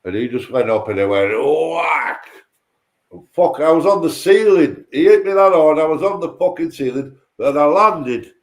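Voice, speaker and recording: A man's voice: a little high, lively intonation, moderate pace, hardly any pauses. Rambling, sweary man telling a story. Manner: rambling, sweary, repeats himself and stumbles on words. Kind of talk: casual storytelling.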